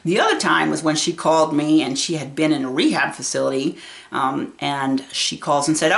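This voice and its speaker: A woman's voice: deep voice, normal speed, vocal fry. A woman in her fifties talking to camera as a vlogger and caregiver, earnest and candid. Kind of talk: casual talk to camera.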